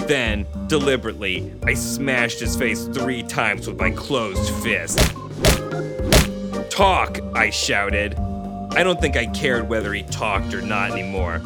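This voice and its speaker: A man co-hosting a podcast, chatting casually and reading chapters of a novel aloud. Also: fairly low pitch. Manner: animated, laughing, many fillers. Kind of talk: casual chat and book reading.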